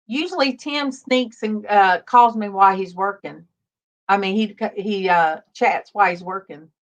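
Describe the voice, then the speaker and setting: A woman in her fifties with a Southern US accent, chatting slowly and softly on a livestream and greeting viewers by name. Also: medium pitch. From Alabama, US South. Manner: slow, soft-spoken, greets viewers by name. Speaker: livestream host. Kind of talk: casual livestream chat.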